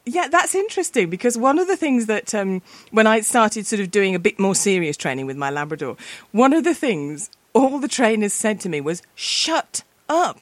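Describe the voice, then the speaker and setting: A woman's voice: mid-range voice, big pitch swings, brisk, few pauses, dry recording. A woman from the United Kingdom interviewing a guest, chatty and self-deprecating, putting on voices in her stories. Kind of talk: conversational interview.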